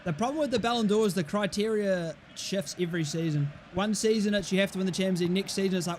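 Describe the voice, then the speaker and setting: A man's voice: high-pitched, fast, few pauses, a little mellow, a little hiss or hum. A young man giving casual, blunt, mocking commentary while playing a football game, swearing freely. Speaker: gaming streamer.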